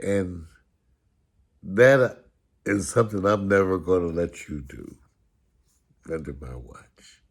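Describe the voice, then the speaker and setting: A man's voice: deep voice, takes it slowly, long pauses. Sarcastic man telling humorous stories. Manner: sarcastic, animated, with casual profanity. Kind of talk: humorous storytelling talk.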